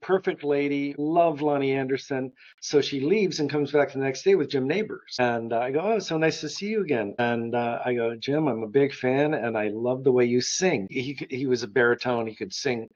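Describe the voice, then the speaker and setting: A man from Florida, a guest art historian, telling lively anecdotes in conversation. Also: mid-range voice, moderate pace, few pauses, highs cut off. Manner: lively storyteller.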